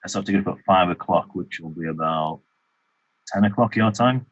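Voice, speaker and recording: A man's voice: sits low, brisk, no room sound. An older man joining a casual chat over a video call as a guest, giving brief, matter-of-fact replies. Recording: muffled video call audio.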